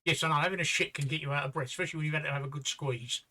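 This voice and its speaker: A man's voice: on the high side, fairly even intonation, racing, sharp tone, poor audio. An older man in his sixties telling a story in a casual chat with blunt, sweary talk and short breath. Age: 60s. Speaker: stream host.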